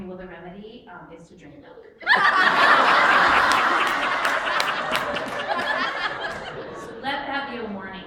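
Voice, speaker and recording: Woman telling a story, far-off echoey hall. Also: fairly high pitch. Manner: animated, self-mocking, acts out quotes. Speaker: stand-up comic. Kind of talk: stand-up storytelling. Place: church hall with a live audience. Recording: echoey room from far off with noise.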